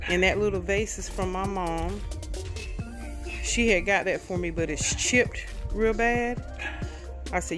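A woman with a Southern US accent chatting casually to her viewers in a DIY vlog, folksy and quick to get riled up. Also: fairly low pitch, music in the background. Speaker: DIY vlogger.

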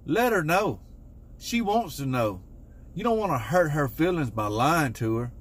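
A man delivering deadpan satirical marriage advice in a confident, mock-serious tone. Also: on the high side, measured pace, breathy edge. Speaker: comedy content creator.

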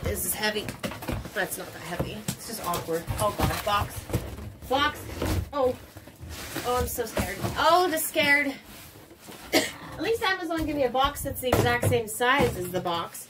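A woman vlogger unboxing a package, excitable and quick to swear and laugh. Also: fairly high pitch, noisy background. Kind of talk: casual unboxing vlog.

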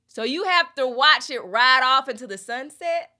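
A young woman, chatting expressively in a casual lyric breakdown and reading lyrics aloud slowly. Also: sits high, very animated, bright, forceful tone. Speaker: music reaction host.

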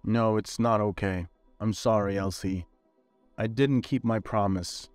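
A man voicing a gentle, regretful middle-aged father who speaks with pleading sincerity. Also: mid-range voice, animated, brisk, dry recording, soft background music, close to an everyday voice.

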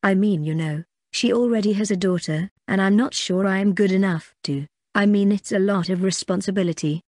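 A woman's voice: mid-range voice, brisk, darkish tone, no echo, clean studio sound, lightly acted. A woman reading the lines of a grown man who is the unsure eldest brother of his family, hesitating and trailing off as he speaks. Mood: embarrassed.

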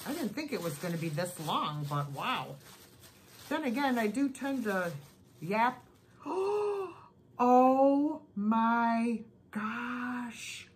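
Gushing, slow-talking woman thrift vlogger. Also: medium pitch, very animated, a little hiss or hum, rough recording. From United States. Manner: gushing and chatty. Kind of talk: casual haul video.

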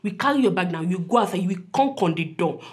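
A woman's voice: fairly low pitch, expressive, quick pace, close to an everyday voice. A woman with a Nigerian accent playing a blunt, comic young tailor who scolds in broken English. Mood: teasing.

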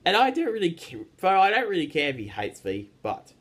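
A man's voice: high voice, huge pitch swings, brisk, fairly bright tone, husky. A teenage boy ranting casually to his viewers, rambling with frequent restarts and repeated words. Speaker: YouTube ranter. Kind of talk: casual rant vlog.

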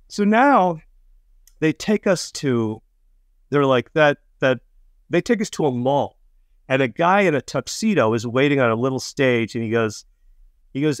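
A man's voice: a little high, no echo, clean studio sound. A man casually telling a funny road story, acting out the voices of the people in it. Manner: animated, acts out quoted voices, laughs mid-story. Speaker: storyteller guest.

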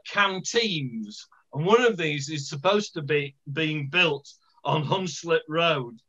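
A man giving enthusiastic, animated comments after a local-history lecture over a video call. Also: on the high side. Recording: dull lo-fi call audio.

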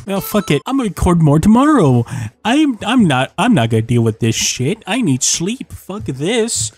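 A man's voice: high voice, big pitch swings, moderate pace, a little mellow, slightly rough. A young man playing a rhythm game at home, swearing, ranting and repeating himself when he keeps losing. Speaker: gaming YouTuber. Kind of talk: profane frustrated gameplay commentary. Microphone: desk mic, sometimes moved away. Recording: faint game music behind.

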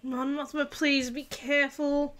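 A young woman with a high, bright-sounding voice hosts a reaction video. She gushes and chats in an excited, emotional way, laughing and tearing up easily as she comments. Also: a little slow.

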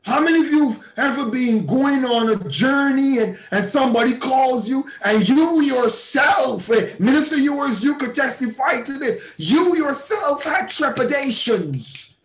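A man who is a bishop, mentoring a class in a preaching style. He is emphatic, repeats words and breaks into sudden shouts. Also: extremely high pitch, lively intonation, unhurried, few pauses, reverberant. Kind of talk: motivational teaching talk in a preaching style.

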